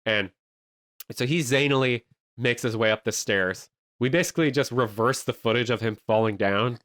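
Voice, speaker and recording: A man hosting a comedy podcast, telling an improvised movie pitch with lots of energy and silly voices. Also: normal speed, no echo, clean studio sound. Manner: animated storytelling with silly voices.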